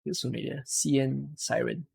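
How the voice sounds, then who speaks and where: Excitable Singaporean woman streamer. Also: a bass voice, normal speed, creaky, slightly rough. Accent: Singaporean English. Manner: excitable, gushing exclamations, rambling. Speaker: live streamer. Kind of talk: casual live-stream chat with viewers.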